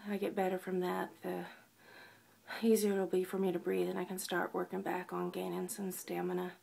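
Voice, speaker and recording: A weak, out-of-breath woman lying down at home, talking softly in a personal video diary and often dropping to a whisper. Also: fairly low pitch, completely flat delivery, moderate pace, vocal fry, breathy edge. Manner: tired, soft-spoken, often drops to a whisper. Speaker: vlogger.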